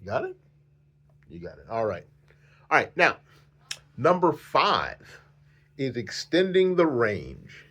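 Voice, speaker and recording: A man's voice: mid-range voice, huge pitch swings, slow, pauses often, a bit bright. A man teaching a flute lesson on video, patient and repetitive, counting the student in.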